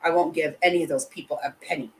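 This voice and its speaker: Low-voiced woman giving blunt, heated commentary. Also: fairly even intonation, fast, darkish tone, rough recording. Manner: blunt and heated, with frequent swearing; emotional, with frequent restarts. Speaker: channel host. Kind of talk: live commentary answering chat.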